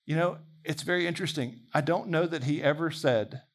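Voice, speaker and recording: A man preaching a sermon in a conversational, animated way, imagining dialogue aloud. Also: a little high, fairly quick, few pauses.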